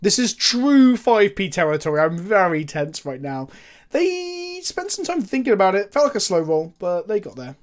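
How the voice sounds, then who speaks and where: A man's voice: high voice, big pitch swings, moderate pace. A man commenting on his own card game as he plays, thinking aloud, asking the viewers questions and swearing now and then. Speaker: host, gameplay commentator.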